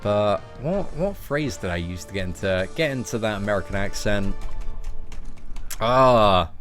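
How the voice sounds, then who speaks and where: A man's voice: lowish voice, animated, moderate pace, faint music behind. A young man chatting casually on a live game stream, joking and answering his viewers. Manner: chatty, joking, reads out chat messages.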